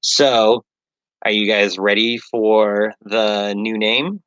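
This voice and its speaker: Low-voiced man rambling on a livestream. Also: fairly even intonation, slow pace, fairly bright tone, dry recording, lo-fi sound. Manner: rambling, self-mocking, many fillers. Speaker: livestreaming artist.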